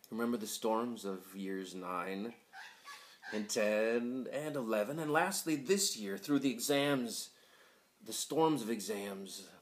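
A school pastor with a mid-range voice delivers a graduation sermon, swinging between loud pleading and hushed, whispered passages.

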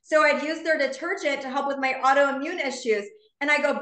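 Bright-voiced woman in her fifties, heartfelt. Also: high voice, a little fast, roomy sound. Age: 50s. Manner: earnest, heartfelt, conversational storytelling. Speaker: founder speaking to her business community. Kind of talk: personal testimony to a live online audience.

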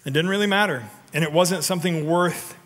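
A male pastor delivers a sermon in a bright, forceful voice pitched a little high. He tells stories animatedly, swinging from loud, punchy lines to hushed ones and prodding his congregation to answer. A long reverb from the sanctuary trails every phrase. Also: a little fast. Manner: talks directly to the congregation, prodding them for responses. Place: church sanctuary.

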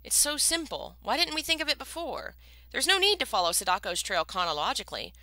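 A woman reading a book aloud and voicing an excitable, brash man who wails and blurts out ideas. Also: mid-range voice, fast, no echo. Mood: eager. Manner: loud, excitable. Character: excitable brash man, wailing then sudden insight.

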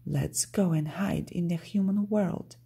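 A woman's voice: on the low side, unhurried, creaky, warm tone, slightly rough, exaggerated voice. A woman reading aloud, voicing a gang of greedy, defiant little male goblins from a storybook who talk in a whiny, boastful way.

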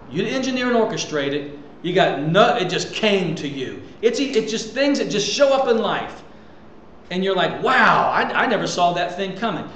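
Man preaching, high voice, animated delivery, echoey room, faint background hiss. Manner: animated, swings loud and soft, repeats words. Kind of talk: sermon.

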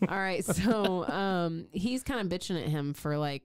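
A woman's voice: on the low side, expressive, a little slow, hardly any pauses, clean tone, dry recording, studio quality. A woman co-hosting a casual book podcast, reading a romance novel aloud, laughing often and swearing casually. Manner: laughs often, swears casually, reads quotes with mild acting.

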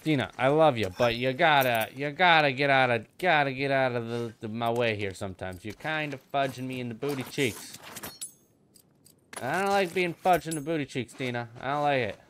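A young man talking over his gameplay in a loose, rambling way, swearing freely and joking to himself. His voice sits at an ordinary middle pitch, with a faint hiss and the odd click of buttons underneath. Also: normal speed, a bit bright. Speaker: gaming channel host. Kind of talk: casual gameplay commentary.

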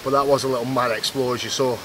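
A man vlogging while exploring rocks at night, excitable and out of breath, talking to his viewers. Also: medium pitch, fast talker. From England. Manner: excitable, keeps addressing viewers as guys. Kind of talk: casual vlog chat. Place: outdoors among rocks at night. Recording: noisy outdoor recording.

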